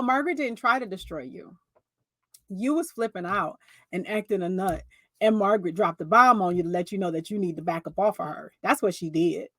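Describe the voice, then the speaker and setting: A woman's voice: mid-range voice, no room sound. Sassy woman dishing reality-TV gossip. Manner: sassy, animated storytelling with frequent laughs. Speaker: reality TV commentator. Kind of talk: casual reality-show commentary.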